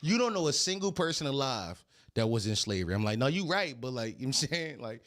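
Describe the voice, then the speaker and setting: A man from Philadelphia with a Philly accent, co-hosting a podcast in loud, teasing casual chat. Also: mid-range voice, big pitch swings, quick pace. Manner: loud, teasing, playful trash talk. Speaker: podcast co-host.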